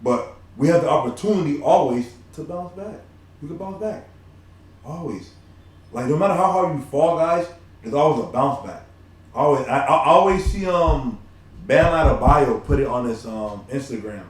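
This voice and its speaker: A Nigerian man co-hosting a podcast delivers motivational talk earnestly and repetitively, restarting himself often. His voice sits on the high side and is expressive, at a normal speed. The recording has a roomy echo.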